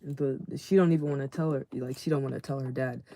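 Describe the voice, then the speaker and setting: A man casually telling a story to his live chat in a slangy, animated way, acting out the people in it. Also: medium pitch, fast talker, vocal fry, a little hiss or hum. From California. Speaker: livestream host.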